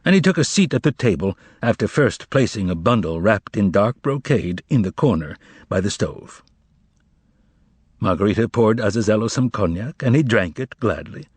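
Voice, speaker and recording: A man reading a novel aloud as an audiobook narrator, with expressive, measured storytelling. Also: on the low side, slightly rough, dry recording. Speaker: audiobook reader.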